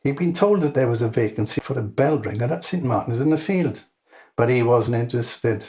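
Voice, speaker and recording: A man reads his own comic short story aloud. His delivery is dry and deadpan, with a voice of middling pitch. He tells it plainly and lets the jokes land on their own. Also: brisk.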